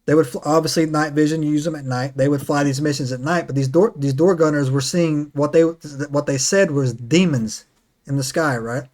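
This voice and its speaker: A man hosting a casual podcast chat, an excitable storyteller who keeps checking in with "right?" and "man". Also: fairly high pitch, moderate pace. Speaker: podcast host.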